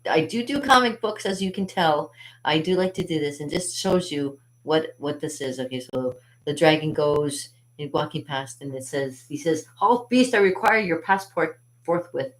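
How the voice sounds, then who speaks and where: A woman's voice: deep voice, low-quality recording. A woman hosting a cartooning channel, showing her drawings in a chatty, rambling way and laughing often. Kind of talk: casual drawing tutorial.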